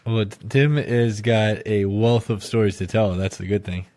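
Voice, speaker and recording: A talkative young man co-hosting a casual podcast, relaxed and full of "like"s. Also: fairly low pitch, moderate pace. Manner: talkative, easygoing, sprinkles "like". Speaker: podcast co-host. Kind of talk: casual chat.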